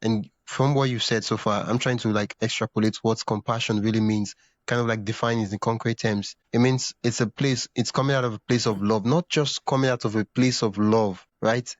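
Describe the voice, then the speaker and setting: A man's voice: on the low side, fairly even intonation, brisk, hardly any pauses, no echo. Man thinking aloud, slightly dull sound. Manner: thinks aloud, searching for words with restarts. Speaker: podcast host. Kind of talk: casual interview chat.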